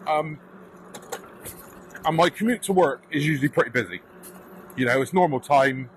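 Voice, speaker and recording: A British man vlogging from his electric bike, telling an animated, casual story and swearing now and then. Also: on the high side, moderate pace, a little hiss or hum, rough recording. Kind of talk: casual storytelling while riding. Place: outdoors on a bike path.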